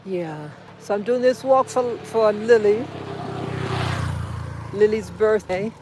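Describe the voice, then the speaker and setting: A woman's voice: mid-range voice, slow pace, background noise. A woman vlogging on a walk outdoors, rambling and emotional as she talks to her little boy. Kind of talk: casual walking vlog. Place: outdoors on a street.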